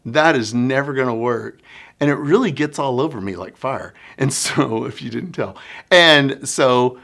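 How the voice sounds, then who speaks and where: A middle-aged man, a children's minister giving a conference workshop talk, folksy and animated as he acts out scenes. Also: medium pitch, unhurried, gravelly. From Oklahoma, US. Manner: folksy sayings.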